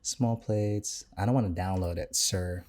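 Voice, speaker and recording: A man's voice: low voice, a little slow, darkish tone. A young man, a chef co-hosting a podcast, talking casually and enthusiastically with lots of fillers and restarts.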